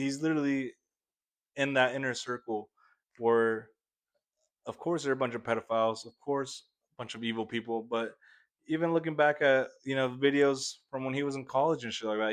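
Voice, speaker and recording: A young man rants on a casual comedy podcast, swearing freely and wandering from point to point. He laughs often and sounds close to a podcast mic, with a mid-range voice. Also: mid-range voice. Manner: profane, rambling, laughs often. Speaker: podcast host.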